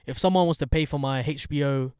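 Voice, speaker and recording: A man's voice: a little high, quick pace, clean tone, dry recording, clean studio sound. A young man with a London accent, chatting casually with slang and swearing. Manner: slangy, animated, swears freely. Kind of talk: casual chat.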